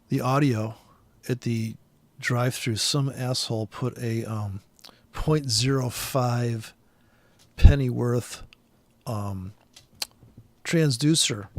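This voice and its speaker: A man's voice: medium pitch, no room sound. A man in a rambling, profane vlog rant, angry and restless, full of fillers. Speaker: vlogger.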